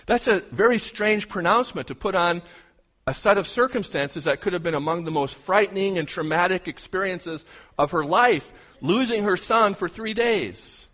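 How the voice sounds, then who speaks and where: A male pastor preaching a sermon, telling a story earnestly and expressively with dramatic pauses. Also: high-pitched, a bit bright.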